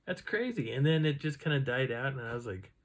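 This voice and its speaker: A man casually recounting an outdoor encounter in a rambling, animated way, now and then imitating the sounds he heard. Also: mid-range voice, fast talker. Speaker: outdoor storyteller. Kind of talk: casual first-person storytelling.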